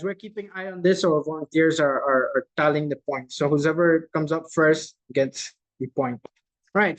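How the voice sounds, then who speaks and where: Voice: mid-range voice, low-quality recording. A host running a quiz game over a video call, repeating each clue and tagging lines with "right?" in a loose, chatty way. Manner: repeats each clue slowly, reading out answers from the chat. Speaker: game host at a virtual conference. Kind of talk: casual hosting of a chat quiz game.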